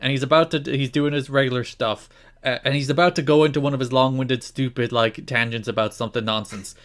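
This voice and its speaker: A man's voice: mid-range voice, fairly even intonation, fast talker. A man co-hosting a podcast, chatting casually with dry, mocking commentary and frequent laughs. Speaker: podcast co-host.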